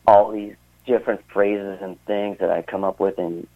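A man's voice: fairly low pitch, fairly even intonation, normal speed. A man, a musician guest, chatting casually and rambling through a story with many fillers, heard over a phone line. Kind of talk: casual interview chat.

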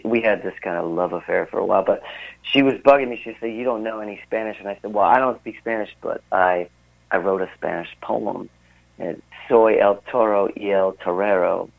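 A man speaks as a musician guest on a call, his voice a bit low and squeezed thin by a phone line. He wanders through his stories in a relaxed, rambling way, full of fillers and restarts. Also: a little fast, vocal fry. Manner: rambling, laid-back storyteller with many fillers. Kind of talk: casual interview chat.

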